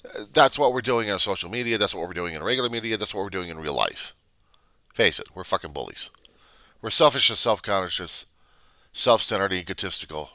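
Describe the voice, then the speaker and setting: A man's voice: deep voice, expressive, fairly quick, sharp tone, no echo. A man delivering an angry, blunt, profanity-laden vlog rant. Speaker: vlogger. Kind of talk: angry ranting monologue.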